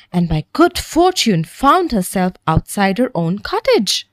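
A woman narrating a bedtime story for children in a gentle, expressive manner. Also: medium pitch, a little slow, dry recording.

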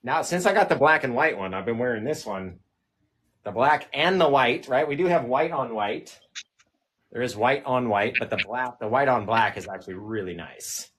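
Lively husky-voiced man. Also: mid-range voice, normal speed. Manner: relaxed, walking viewers through his shop. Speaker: painting channel host. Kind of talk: casual livestream chat.

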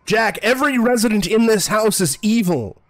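A man's voice: sits high, expressive, moderate pace. Sarcastic, swearing streamer man. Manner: sarcastic, joking, profane. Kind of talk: profane let's play commentary.

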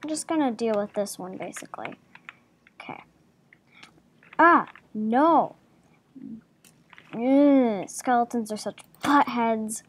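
A woman casually commenting on her own gameplay, talking to herself with jumpy reactions and soft murmured asides. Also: fairly high pitch, normal speed. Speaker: gaming video creator.

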